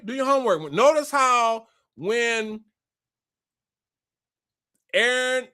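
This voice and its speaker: A man retelling a scripture story in a casual, profane and animated way, acting out the people in it. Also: very high voice, dry recording, clean studio sound. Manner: animated, profane, slangy, acts out quotes. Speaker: spiritual commentator.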